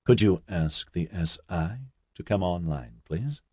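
Female vice president, commanding and formal, read by a male narrator. Low and dry. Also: animated, a little slow, a little mellow, breathy edge, no room sound, exaggerated voice. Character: woman vice president chairing a meeting, authoritative.

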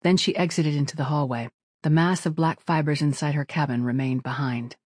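Steady audiobook narrator, dry close sound. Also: medium pitch, brisk, no room sound. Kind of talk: scripted narration.

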